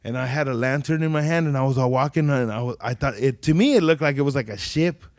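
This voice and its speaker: A man's voice: medium pitch, fast talker, dry recording, clean studio sound. A man hosting a podcast, telling slangy, profane stories in casual chat and acting out quotes. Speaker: podcast host.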